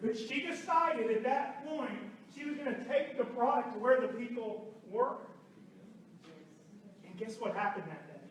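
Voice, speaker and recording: A high-pitched man tells animated stories to a live audience at a business meeting, acting out what other people said. He is recorded from a distance in a very echoey meeting room, with a faint hiss underneath. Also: unhurried. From Oklahoma. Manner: animated storytelling with acted quotes. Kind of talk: motivational talk to a live room. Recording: roomy far-off hall recording.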